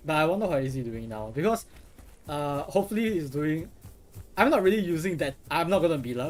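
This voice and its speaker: A man's voice: on the high side, animated, a little fast, darkish tone. A young man streaming a game, chatting casually in a rambling, profane way with lots of restarts. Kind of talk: casual live gameplay commentary.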